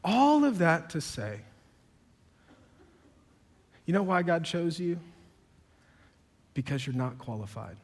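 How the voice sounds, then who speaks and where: High-voiced pastor preaching in a hall. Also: male voice, big pitch swings, takes it slowly, long pauses. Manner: emphatic, swings from low and quiet to loud and raised; sarcastic, joking asides. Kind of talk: sermon. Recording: long reverb of a big hall.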